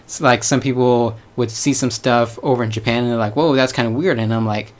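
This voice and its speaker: A young man speaks casually to his viewers in a rambling vlog monologue. He hedges often and drops in loose slang. His voice sits at a middling pitch. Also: flat delivery, a little fast. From United States. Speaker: vlogger.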